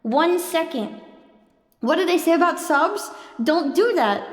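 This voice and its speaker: Talking at a measured pace into a boom mic, a woman streamer keeps her live-stream chat casual and expressive. Teasing and playful, she laughs a lot and slips into sing-song and shouty squeals.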